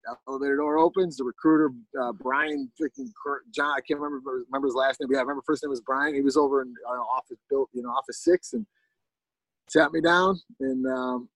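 Gravelly, husky man telling a story. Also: medium pitch, animated, fast, fairly bright tone, no room sound, low-quality recording. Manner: rambling, lots of fillers and restarts. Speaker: podcast guest. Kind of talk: casual storytelling.

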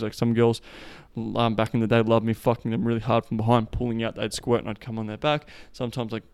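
Smooth-voiced man, flat and laid-back. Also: mid-range voice. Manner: profane, loose, full of "like" and "the thing is". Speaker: podcast host. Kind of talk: casual podcast monologue.

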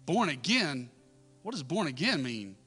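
A man's voice: on the high side, big pitch swings, measured pace, pushed and bright, slightly rough, soft background music. Man, pastor, sermon, conversational then emphatic questions, church sanctuary, long hall reverb.

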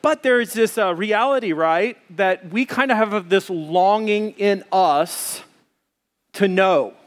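A man in his thirties preaching a sermon as pastor, telling stories with lively voices for the people in them. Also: high-pitched, takes it slowly. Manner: animated storytelling, acts out voices of others. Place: church auditorium with audience.

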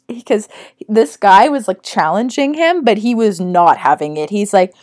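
Animated young woman telling a story. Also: medium pitch, moderate pace. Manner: animated, profane, acts out quotes. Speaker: podcast co-host. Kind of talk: casual chat, storytelling.

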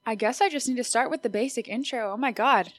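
A woman's voice: on the high side, quick pace, fairly bright tone, dry recording. Bubbly young woman hosting a podcast. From Austin, Texas. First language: Spanish. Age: 20s. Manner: bubbly, chatty and upbeat. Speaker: podcast host. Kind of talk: solo podcast monologue.

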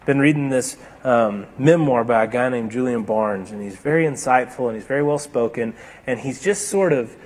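A man preaching a sermon, moving between emphatic, raised passages and hushed, slow, deliberate ones. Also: mid-range voice, slightly rough. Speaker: pastor.

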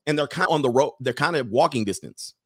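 A man's voice: mid-range voice, animated, fast talker, fairly bright tone, slightly rough, dry recording, clean studio sound. A man hosting a livestream in casual chat, rambling and laughing often as he reads out viewer messages.

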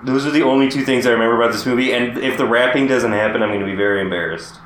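Relaxed podcast co-host man, roomy sound. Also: medium pitch, rapid-fire, a little hiss or hum. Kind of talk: casual podcast chat.

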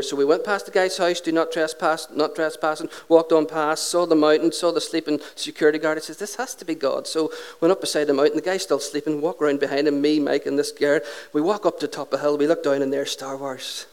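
Male pastor, smooth resonant tone, animated sermon storyteller who voices each character. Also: a little high, fast, hardly any pauses. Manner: lively anecdotal storytelling, acting out dialogue.

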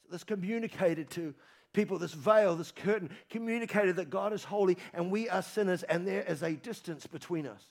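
High-voiced man preaching a lively sermon. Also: a little fast, gravelly. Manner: animated preaching, repeats phrases for emphasis. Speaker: pastor. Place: church.

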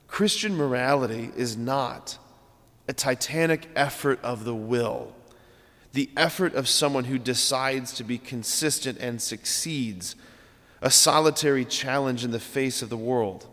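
A priest preaches a homily in an earnest, emphatic way, stacking repeated phrases for weight. His voice sits at an ordinary middle pitch for a man. A long reverb trails after his words in the big church. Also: unhurried, fairly bright tone. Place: large church.

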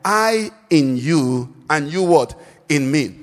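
A man's voice: fairly high pitch, expressive, slow. A man preaching a live church sermon, quizzing the congregation and lifting into sing-song phrases. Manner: call-and-response questions to the congregation, sing-song rises. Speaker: pastor. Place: church service. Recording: long church-hall reverb.

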